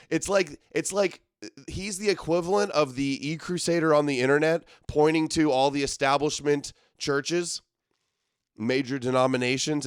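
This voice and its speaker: A man's voice: mid-range voice, no room sound, studio quality. Sarcastic male livestream host. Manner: sarcastic, exasperated. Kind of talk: live commentary reacting to clips.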